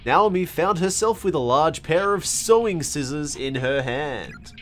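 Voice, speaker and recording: A man's voice: fairly high pitch, animated, measured pace, a bit bright. An Australian man streaming a horror game, joking wryly and reading its text aloud. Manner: wry and jokey. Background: faint game music.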